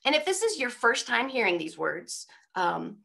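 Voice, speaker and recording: A woman's voice: fairly high pitch, big pitch swings, moderate pace, creaky, bright, forceful tone. A middle-aged woman giving a conversational sermon at a women's church event over a video call, informal, with frequent rhetorical asides. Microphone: speaking on a video call.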